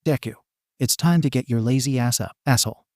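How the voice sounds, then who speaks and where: Man voicing a short-fused teen boy, foul-mouthed, snapping, mid-pitched, dry sound. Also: brisk, a little mellow, dry recording, lightly acted. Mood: irritated. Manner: snapping, exasperated insults. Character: hot-tempered foul-mouthed teenage boy, abrasive.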